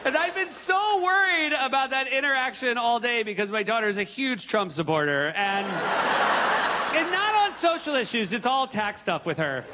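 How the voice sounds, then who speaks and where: A man in his forties from New Hampshire doing animated stand-up comedy on a theater stage. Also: very high-pitched, normal speed, very noisy. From New Hampshire, USA. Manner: animated, breaks into yelled impressions. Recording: stage mic in a reverberant hall.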